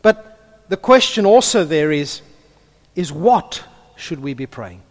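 A man in the role of pastor, praying softly and then preaching with emphasis. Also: a little high, slow pace. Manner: hushed in prayer, then lively and emphatic preaching. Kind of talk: prayer and sermon. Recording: long reverb of a large hall.

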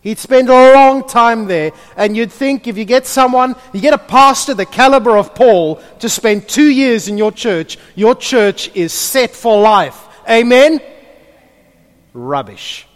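A man in the role of pastor, praying softly and then preaching with emphasis. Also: very high-pitched, a little slow. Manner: hushed in prayer, then lively and emphatic preaching. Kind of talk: prayer and sermon. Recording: long reverb of a large hall.

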